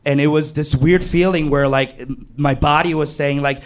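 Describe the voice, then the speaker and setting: A man telling a comic true story to an audience, animated and self-mocking, leaping high in pitch on exclamations. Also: normal speed.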